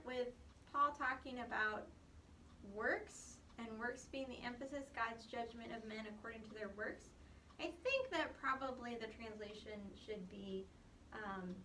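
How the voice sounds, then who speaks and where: A woman's voice: a little high, pushed and bright, a little hiss or hum. A woman teaching a Bible class, emphatic and explanatory, often stopping with "um" and "okay". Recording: echoey room recorded from far off.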